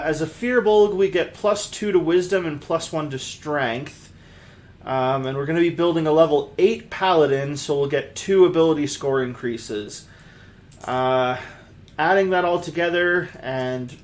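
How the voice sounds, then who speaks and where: Man, podcast host, slightly high voice, easygoing, tabletop character walkthrough. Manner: easygoing, reads out dice rolls.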